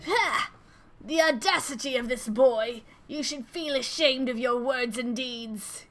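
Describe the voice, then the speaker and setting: A woman's voice: high voice, a little slow, music in the background, voice pushed down. A woman voicing a haughty, scheming male villain noble in fan voice acting of a game, with a scornful, theatrical delivery.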